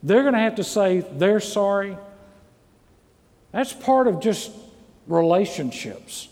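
A middle-aged pastor preaches to his congregation with earnest, repeated rhetorical questions. His voice sits a little high for a man. The church hall rings with a long reverb. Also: lively intonation, takes it slowly, darkish tone. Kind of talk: sermon. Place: church sanctuary. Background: congregation calls amen.

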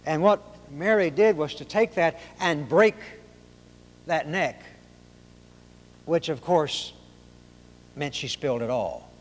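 A middle-aged man delivers a sermon with folksy emphasis, throwing rhetorical questions at his listeners. His voice sits fairly high for a man. A long reverb trails each phrase, as in a large hall. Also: takes it slowly, long pauses. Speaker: preacher.

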